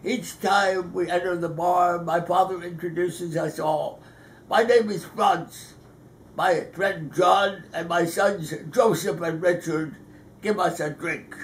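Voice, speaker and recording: An older man, a poet, reading his own poem slowly and deliberately on a theater stage. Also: high voice, fairly even intonation, a little hiss or hum. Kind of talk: poetry reading.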